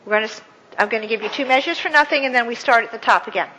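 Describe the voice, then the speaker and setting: A woman speaker leading an audience through a counting and clapping exercise, with many fillers and warm praise. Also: fairly high pitch, very fast, a little hiss or hum. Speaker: guest speaker. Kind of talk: interactive workshop talk. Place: event hall with audience. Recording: echoey hall with faint ambience.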